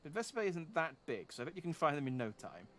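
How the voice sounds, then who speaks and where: Game read-aloud: man playing a chatty young boy, a bit higher than his own voice. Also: very animated, quick pace, background noise. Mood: eager.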